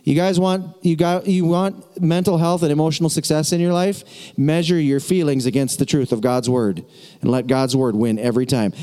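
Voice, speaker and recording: A man preaching a sermon, talking directly and conversationally to his congregation, going soft and low when he prays. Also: steady tone, normal speed. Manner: conversational, speaks straight to the congregation; drops to a soft, low voice in prayerful moments. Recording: long hall reverb.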